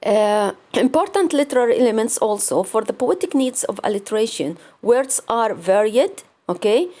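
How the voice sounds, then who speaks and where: A woman with an Arabic accent gives a recorded university lecture. She speaks in a somewhat high voice and explains terms slowly and carefully in English. She often drops into fast Arabic asides to clarify a point. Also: animated, dark tone.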